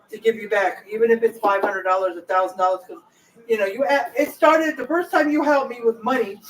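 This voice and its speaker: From somewhere away from the mic, amid background noise, a woman with a fairly high voice rambles through casual cooking chat. This home cooking vlogger addresses her viewers directly from her kitchen, drifting from one idea to another.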